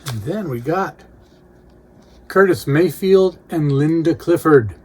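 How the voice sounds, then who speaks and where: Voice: medium pitch, animated, takes it slowly, breathy edge. A record collector casually talking through an unboxing, reading out record titles with brief remarks on each.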